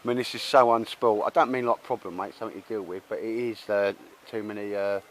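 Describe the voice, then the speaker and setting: A man's voice: fairly low pitch, fairly even intonation, fast, poor audio. A man chatting casually and rambling at a woodland camp outdoors. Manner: chatty, rambling, laughs often. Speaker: host.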